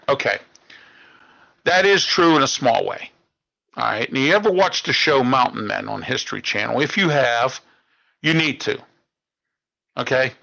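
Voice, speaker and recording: Indignant man ranting, bright voice. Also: mid-range voice, gravelly, poor audio. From Pittsburgh area. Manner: ranting, indignant, repeats "okay?" and "all right?". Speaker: talk show host. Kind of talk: political commentary monologue.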